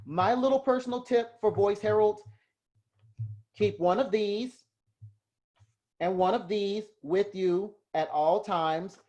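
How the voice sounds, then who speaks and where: Man teaching a class, animated pitch. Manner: chatty, self-deprecating, quick to laugh. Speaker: heraldry class instructor. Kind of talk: casual lecture to a live class.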